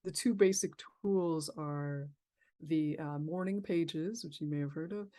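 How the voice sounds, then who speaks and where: A therapist from San Diego, California, appears as a guest on a podcast and talks about creativity in a casual, reflective way. Her voice is low-pitched and dark in tone, and she speaks unhurriedly, with frequent fillers and restarts.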